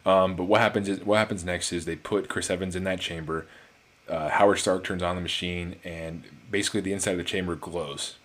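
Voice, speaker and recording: A man with a very low voice talks through a film in a loose, casual review. He rambles along, circling back with fillers and restarts as he goes. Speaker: movie reviewer.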